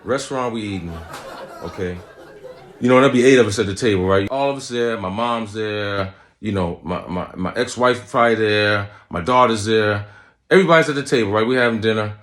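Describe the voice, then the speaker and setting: A man telling a comic story in an animated, profane style, often asking "right?", in a noisy recording. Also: fairly low pitch, a little fast. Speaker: comedian, show host.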